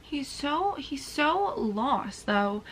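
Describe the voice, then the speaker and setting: A young woman with a fairly high voice talks through a book as she reads it, reacting with strong feeling and leaning on "like" all the time. She is in a casual reading vlog, recorded in a room at home with a faint hum of ambience behind her. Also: big pitch swings, extremely slow, poor audio. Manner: emotional running reactions full of "like". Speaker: book vlogger.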